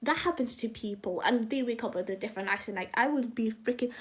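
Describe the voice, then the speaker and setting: Young woman, fairly high voice, live reader of her own book, halting and self-conscious, talks to chat between passages. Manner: rambling, self-conscious, halting with restarts and asides to viewers. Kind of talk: live casual reading and chat.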